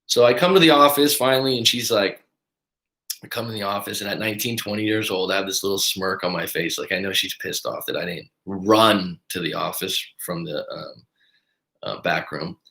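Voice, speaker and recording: A man coaching people through breakups tells a personal story in a casual, animated way and acts out what others said. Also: low-pitched, normal speed, vocal fry. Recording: roomy echo.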